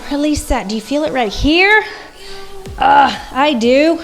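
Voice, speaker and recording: A woman's voice: high-pitched, animated, unhurried, faint music behind. A woman leading a guided workout class as fitness instructor, coaching moves and counting reps aloud.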